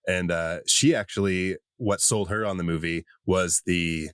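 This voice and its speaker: A man co-hosting a podcast, chatting casually about a horror movie, relaxed and rambling. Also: low voice, unhurried, no room sound, studio quality. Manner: relaxed, rambling, with fillers and laughs. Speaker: podcast co-host.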